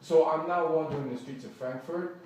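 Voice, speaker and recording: A man's voice: fairly high pitch, fairly quick, distant mic, heavy background noise. A man telling an agitated, rambling first-person account of a bad night, often quoting others and restarting his sentences. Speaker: man recounting a complaint. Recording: echoey room, voice from off-mic.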